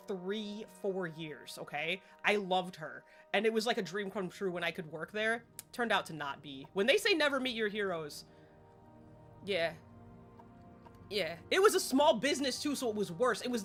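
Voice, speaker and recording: A woman's voice: medium pitch, fairly bright tone. A woman live-streaming a game in casual chat, rambling along and laughing often. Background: faint game music.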